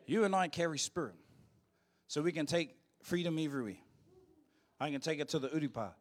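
A male pastor with a New Zealand accent, preaching a sermon in a church and telling cheeky, joking stories, acting out quotes in a louder voice. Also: on the high side, brisk. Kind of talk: sermon with storytelling.

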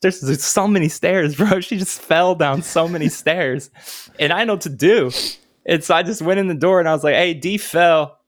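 Laid-back man in his thirties, slightly high voice. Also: normal speed. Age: 30s. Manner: laid-back, heavy swearing, chuckles mid-story. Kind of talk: casual storytelling chat.

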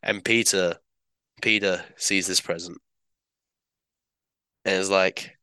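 A man with a lowish but bright, forceful voice talks through a show in an enthusiastic, rambling way. His delivery is crisp and clear. The recording is close and dry, with no room sound. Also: steady tone, takes it slowly, no echo. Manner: enthusiastic, rambling, acts out quoted lines. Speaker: show reviewer. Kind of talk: casual recap chat.

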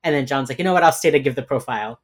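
A man's voice: mid-range voice, rapid-fire. A man co-hosting a podcast, rambling through a casual recap of a TV episode with many fillers. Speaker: podcast co-host.

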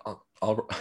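A man co-hosting a casual podcast over a video call, laughing often and speaking in quick bursts. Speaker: podcast co-host. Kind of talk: casual chat.

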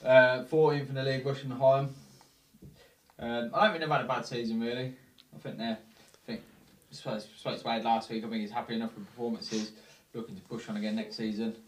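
A man's voice: medium pitch, steady tone, a little fast. A man co-hosting a football podcast, moving the talk along and asking questions. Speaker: podcast co-host. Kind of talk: casual chat, running through league table. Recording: roomy, distant, faint noise.

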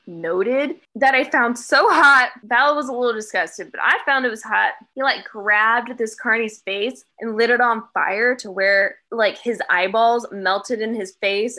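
A woman's voice: mid-range voice, sharp tone. A young woman co-hosting a book podcast, casually recapping a novel with lots of swearing and laughter. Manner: profane, giggly, dramatic recapping. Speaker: podcast co-host.

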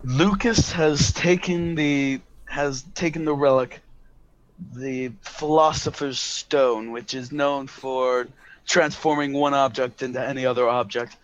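A man narrating a tabletop game as game master, rambling with many pauses and restarts. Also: mid-range voice, steady tone. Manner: rambling, full of fillers and restarts. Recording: dull lo-fi, dry.

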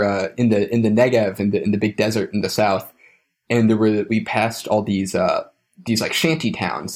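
Low-voiced young man, hesitant. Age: young adult. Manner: hesitant, with frequent restarts and trailing phrases. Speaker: guest. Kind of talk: casual conversational storytelling.

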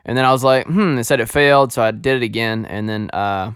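A man co-hosting a podcast, telling an animated story in casual chat, laughing often and acting out quoted dialogue. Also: mid-range voice, fast, clear, resonant tone, no echo, studio quality. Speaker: podcast co-host.

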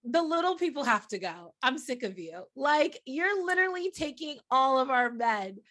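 A woman's voice: high-pitched, very animated, normal speed, fairly bright tone. A woman co-hosting a podcast in casual chat, sassy and mock-ranting. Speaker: podcast co-host.

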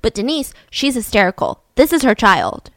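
A woman hosting a podcast, telling a true-crime story in a casual, animated way, full of "like" and "right?" asides. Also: fairly high pitch, moderate pace, dry recording. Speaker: podcast host.

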